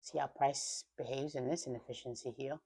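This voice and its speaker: A woman's voice: very deep voice, steady tone, a little fast, mellow, breathy edge. A woman streaming her futures trading live, thinking aloud in slangy, self-talking commentary. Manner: thinks aloud, talks to herself, slangy quips.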